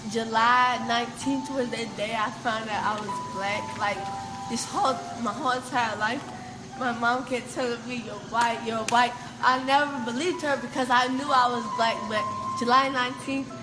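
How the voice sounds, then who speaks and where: A woman's voice: fairly high pitch, lightly acted. A young woman in a comedy sketch playing an earnest girl who confides in the camera. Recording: echoey room, music behind.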